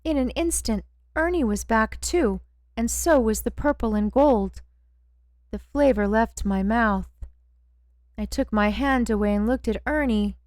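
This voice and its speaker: A woman narrating a first-person audiobook in a slow, measured way. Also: on the high side, a little mellow, dry recording.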